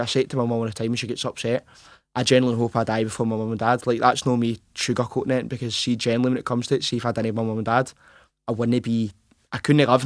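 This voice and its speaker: Here a young man from Glasgow, Scotland, a boxer in his twenties, answers casual interview questions in a rapid, sincere tumble. He restarts sentences, says "mate" again and again, and keeps his pitch narrow and steady. The audio is close and dry, with no echo.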